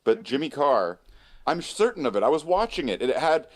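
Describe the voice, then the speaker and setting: A man's voice: on the high side, very animated, normal speed. A man co-hosting a casual chat, rambling and laughing often. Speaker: co-host.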